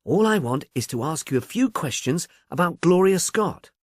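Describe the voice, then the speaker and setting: A man's voice: fairly high pitch, lively intonation, moderate pace, no room sound, studio quality, pitched above the performer's own voice. Man reading as a mild, cordial police inspector. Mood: reassuring. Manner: reassuring, a bit awkward.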